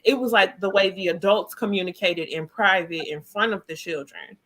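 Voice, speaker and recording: A woman's voice: medium pitch, normal speed, a bit bright. A woman in a casual chat, talking in a thoughtful, reflective way.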